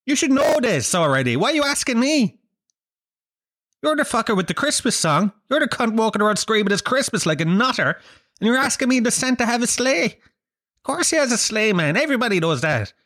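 Man, vlogger, high voice, swearing a lot, sardonic rant. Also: sing-song, brisk, fairly bright tone, no echo, clean studio sound. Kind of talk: casual rant to camera.

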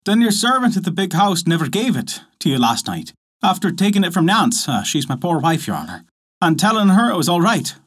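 A man's voice: sits high, very animated, a little fast, fairly bright tone, slightly rough, heavily acted. A man voicing a poor peasant husband in a folk tale, deferential yet firm.

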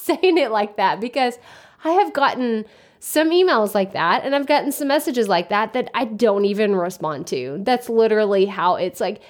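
A woman's voice: a little high, expressive, moderate pace. Chatty woman podcast host. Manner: chatty, self-correcting, acts out quoted questions. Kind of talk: casual podcast advice.

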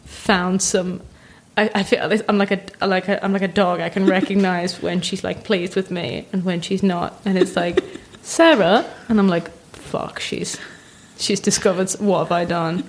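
A young woman, a podcast guest chatting casually, self-mocking and animated, acting out what others say. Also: fairly low pitch, moderate pace, few pauses, a little hiss or hum. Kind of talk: casual chat.

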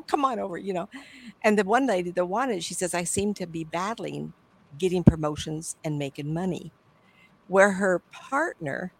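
Woman medium, middle-aged, rambling storyteller with a gravelly edge and self-corrections. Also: fairly low pitch, low-quality recording. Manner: rambling, self-correcting, drifting between asides. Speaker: psychic medium, guest. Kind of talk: storytelling in an interview.

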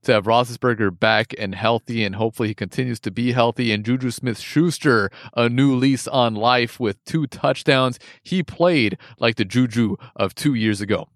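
A man's voice: mid-range voice, normal speed, few pauses, no echo, clean studio sound. A man co-hosting a casual sports talk show, speaking loosely with frequent hedges, restarts and light laughs. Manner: hedging, many "I mean" and restarts, laughs easily. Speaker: sports podcast co-host.

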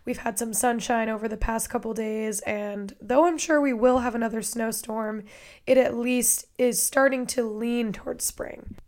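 A podcast host with a hoarse, raspy voice opens her episode casually and chattily, gushing with upbeat warmth about the upcoming guests. Despite the rasp her pitch sits fairly high, and her tone stays steady at a moderate pace.

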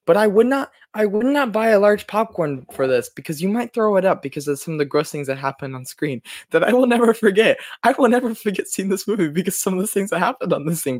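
Guy rattling off a movie review super fast, kinda high voice, rambly and excited, dry close mic. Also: no room sound. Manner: rambling, enthusiastic, frequent restarts and self-corrections. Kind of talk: casual spoken film review.

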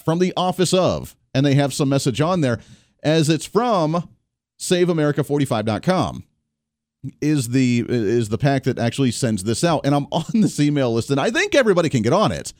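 A man's voice: fairly high pitch, darkish tone, no room sound, clean studio sound. A man hosting a radio talk show, giving political commentary in a chatty, wry way. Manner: chatty, wry, frequent restarts.

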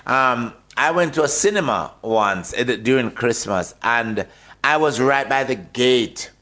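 An older man with a Jamaican accent, telling lively stories as a radio interview guest, laughing often and repeating words. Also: medium pitch, measured pace.

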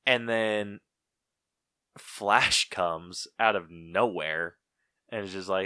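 A man's voice: low-pitched, extremely slow, pauses often, sharp tone, smooth, no room sound, studio quality. A man co-hosting a podcast in casual chat, ranting with profanity and mockingly acting out movie lines. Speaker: podcast co-host.

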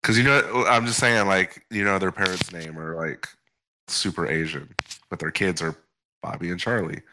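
A man's voice: sits low, steady tone, moderate pace, sharp tone, a little hiss or hum. A man co-hosting a casual crypto news podcast, teasing his partner and throwing out provocative questions. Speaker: podcast co-host.

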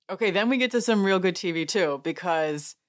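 A woman's voice: fairly low pitch, expressive, moderate pace. A woman hosting a podcast, casually recapping a show as an amused, chatty storyteller who laughs and acts out what others said. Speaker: podcast host.

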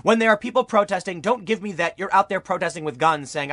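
A man's voice: sits high, quick pace, fairly bright tone, no room sound. A young man delivering an argumentative opinion monologue as a political commentary YouTuber, full of rhetorical questions.

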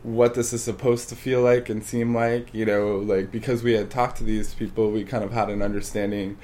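A man's voice: lowish voice, level tone, moderate pace, darkish tone. A man co-hosting a podcast in casual chat, rambling and hesitant with many fillers. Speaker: podcast co-host.

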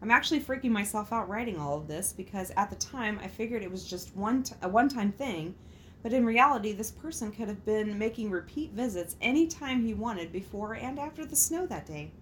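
A woman reads listener stories aloud in a casual, expressive way, swearing freely and reacting as she goes. Her pitch sits in an ordinary middle range. A faint hum of room ambience runs behind her voice. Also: a little fast. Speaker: host reading out listener stories. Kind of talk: casual reading and chat.

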